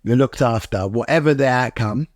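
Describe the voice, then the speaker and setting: A man's voice: mid-range voice, moderate pace, no room sound. Earnest man, dry close sound. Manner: earnest, reflective, often restarts. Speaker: host, husband. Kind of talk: casual chat.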